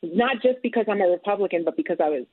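A woman's voice: mid-range voice, expressive, fast, no room sound. Woman interview guest, earnest and emphatic, tinny phone line, dry sound. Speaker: guest, author and former politician. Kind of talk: conversational interview.

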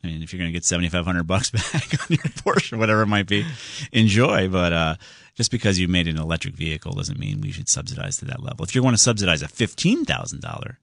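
A man hosting a call-in radio show about computers, chatty and quick to laugh. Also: gravelly, no room sound, clean studio sound. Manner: chatty, laughs often, lively pitch swings.

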